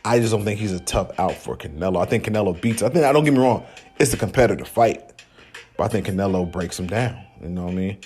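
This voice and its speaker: A man's voice: fairly low pitch, lively intonation, quick pace, a little mellow, slight background noise. A man hosting a podcast, talking casually about boxing in loose slang with laughing asides. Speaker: podcast host.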